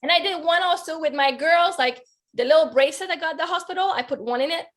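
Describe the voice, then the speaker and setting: A woman with a high voice, a guest life coach, recounts a heartfelt story from her own life over a video call. She's a fast talker, earnest in tone, and leans heavily on the filler "like."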